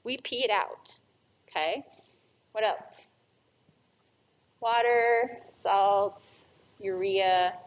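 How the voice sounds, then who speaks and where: A woman's voice: mid-range voice, drawn-out words, long pauses. Woman lecturing a class, lo-fi sound. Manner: lively, asks the class questions and answers them, tag questions. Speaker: anatomy lecturer.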